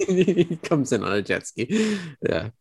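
A man co-hosting a podcast, recapping an episode in a rambling casual way and acting out quoted lines in high voices. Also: very animated, slow, vocal fry, darkish tone, husky, no echo, studio quality. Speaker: podcast co-host.

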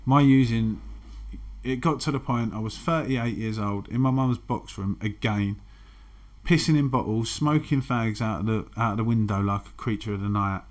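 A man's voice: lowish voice, moderate pace. A man, frankly telling his own recovery story and swearing freely. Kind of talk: candid personal testimony.

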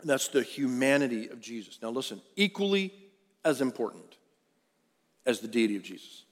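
A male pastor preaching a sermon emphatically, swinging from loud peaks down to hushed low lines. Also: animated, normal speed. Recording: long hall reverb.

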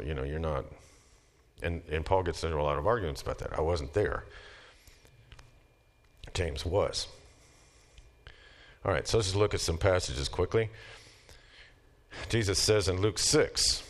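A middle-aged man giving a casual lecture, moving between plain talk and emphatic readings of scripture. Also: low-pitched. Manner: conversational, reads passages aloud with rising emphasis.

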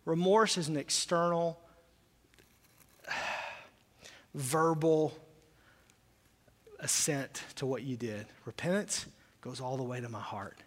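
A male pastor delivers an impassioned sermon in a high, bright, forceful voice. He climbs to loud emphatic peaks and then drops into hushed intensity. The sound carries a long reverb from a church sanctuary.

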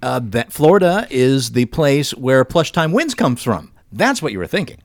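A man's voice: medium pitch, very animated, moderate pace, no room sound, studio quality. A man hosting a casual podcast, playful and chiming in often. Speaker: podcast host. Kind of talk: casual group chat.

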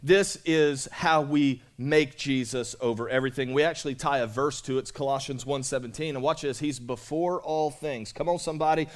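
Chatty pastor preaching to his church. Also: fairly high pitch. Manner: conversational, repeats himself, calls out to the congregation. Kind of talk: sermon. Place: church sanctuary.

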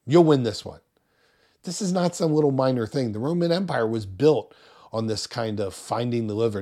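Joking, animated male pastor preaching. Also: medium pitch. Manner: humorous, animated, laughs at his own jokes. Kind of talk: sermon.

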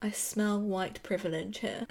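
A woman's voice: medium pitch, husky. A woman co-hosting a podcast, recapping a TV episode in casual, sarcastic chat with plenty of swearing and laughter. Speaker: podcast co-host.

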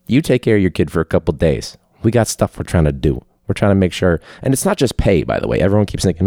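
Man, very low voice, warm dark tone, rambling casual podcast talk, dry close sound. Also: big pitch swings, fairly quick, creaky, no room sound. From Chicago area. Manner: rambling, candid, profane, with frequent fillers. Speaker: podcast host, teacher. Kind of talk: casual solo podcast chat. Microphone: phone hooked up to a video call.

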